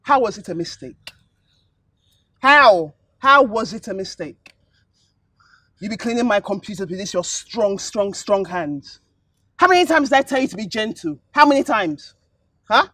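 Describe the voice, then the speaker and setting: A woman's voice: medium pitch, moderate pace, few pauses, close to an everyday voice. An actress with a Nigerian accent playing a haughty, rich young woman who scolds her staff with demands. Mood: interrogating. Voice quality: scolding, demanding, rising to shouts. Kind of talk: Nollywood film acting.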